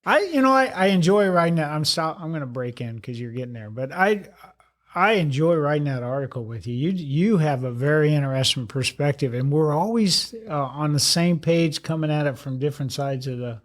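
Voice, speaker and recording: A man's voice: a little high, lively intonation, a little fast. An older man, a retired fire chief, telling rambling stories in an interview with blunt, salty, self-deprecating humor. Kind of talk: storytelling interview talk.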